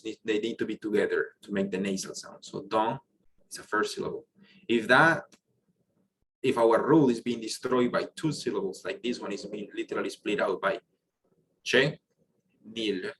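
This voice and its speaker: Guy teaching french pronunciation, fairly low voice, lots of ums, faint hum behind him. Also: low-quality recording. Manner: explains with many fillers and restarts, encouraging. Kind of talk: online class lesson.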